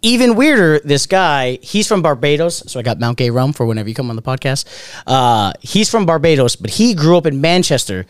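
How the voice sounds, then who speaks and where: Male podcast host, animated storyteller, expressive voice, dry close sound. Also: fairly high pitch, a little fast, smooth, no room sound. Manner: animated, swears freely, acts out quotes. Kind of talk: casual storytelling chat.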